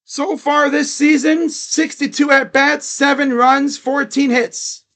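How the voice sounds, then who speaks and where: Brief: fed-up male sports vlogger, high pitch, slow deliberate delivery, mocking and profane. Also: little pitch movement, sharp tone. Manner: exasperated, mocking, swears. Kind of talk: casual sports rant.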